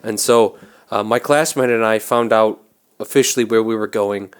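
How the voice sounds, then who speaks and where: A man, a Catholic priest, telling a story in a casual podcast chat, animated and quick to laugh, often restarting his sentences. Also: fairly low pitch, smooth.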